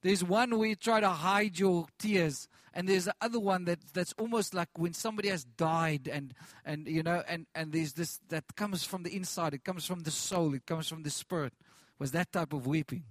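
A man's voice: sits high, normal speed, no room sound. A man preaching a sermon with passion, repeating phrases, restarting lines and calling out to the congregation.

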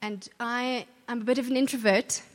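This church speaker has a fairly high, steady voice at an ordinary pace. Her talk is earnest and warm, conversational in style, with frequent restarts and self-corrections, heard through long hall reverb.

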